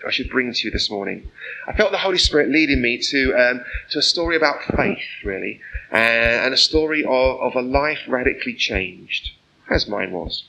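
A man's voice: mid-range voice, gravelly, pushed and bright, muffled recording, slight background noise. A man preaching an informal sermon, chatty and earnest, often asking the listeners rhetorical questions. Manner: conversational, full of rhetorical questions; personal and earnest.

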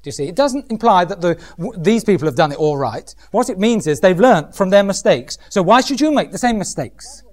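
A man's voice: high voice, expressive, brisk, few pauses. A middle-aged man preaching a humorous sermon, often mimicking other voices.

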